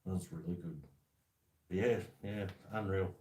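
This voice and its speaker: A man's voice: low-pitched, measured pace, mellow, echoey room, recorded from a distance. An Australian man chatting easily on a video call, laughing often. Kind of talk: casual chat.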